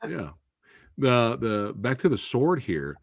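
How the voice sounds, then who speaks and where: A man's voice: medium pitch, big pitch swings, slow pace, vocal fry. A man hosting an interview, enthusiastic, mostly giving short agreeing replies. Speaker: host. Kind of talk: casual interview talk.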